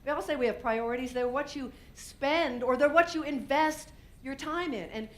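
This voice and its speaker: A woman speaker tells a personal story to a conference audience, candid and animated. Her voice sits a touch high, and she keeps acting out her own lines with frequent restarts. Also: moderate pace. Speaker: keynote speaker and business owner.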